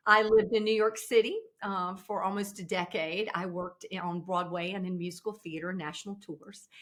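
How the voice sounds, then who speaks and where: A woman in her fifties from South Carolina with a Southern American accent, a podcast guest chatting casually and telling stories with lots of laughter. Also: medium pitch. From South Carolina, USA. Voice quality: animated storyteller, laughs often, playful voices in quotes. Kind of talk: casual interview chat.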